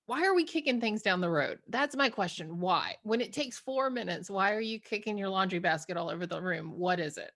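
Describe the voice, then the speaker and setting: A woman hosting a podcast, chatty and expressive, who laughs easily. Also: mid-range voice, brisk, few pauses. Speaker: podcast host. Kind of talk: casual interview talk.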